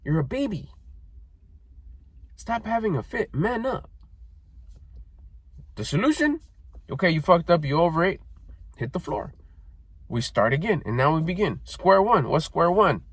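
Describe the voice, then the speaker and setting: A man's voice: a little high, no room sound. A middle-aged man giving a blunt, profane motivational talk, scolding listeners and mocking their excuses in whiny put-on voices. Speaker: motivational speaker.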